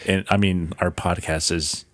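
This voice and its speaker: A deep-voiced man chats as a podcast co-host. His delivery is blunt and dryly teasing, and the recording is close and dead dry. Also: fairly even intonation, measured pace, no room sound. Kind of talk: casual podcast chat.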